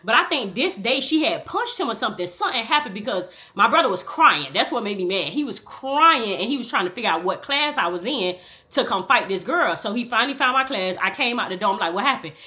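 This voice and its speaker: A woman in her thirties telling a true-life storytime in a casual, animated, profane way, talking straight to the viewer. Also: a little high, fairly quick.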